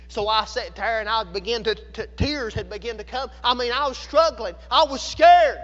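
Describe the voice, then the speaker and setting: A man preaching with a very high voice and a drawl. He moves between fervent shouting and quiet, hushed passages. The sermon echoes through a large hall on a dull, lo-fi recording. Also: normal speed, few pauses. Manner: fervent, rises into shouts and drops to a hush.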